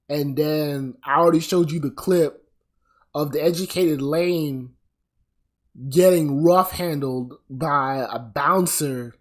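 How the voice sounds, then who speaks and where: A man delivering a blunt, profane commentary rant, sounding exasperated and weary. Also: fairly high pitch. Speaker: commentary vlogger.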